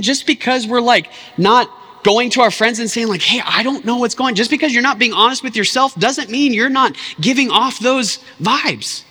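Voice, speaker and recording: Pastor, male, 30s, earnest and chatty from the pulpit, bright tenor, big church hall reverb. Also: very high voice. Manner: impassioned, conversational, lots of "like" asides. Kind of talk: sermon.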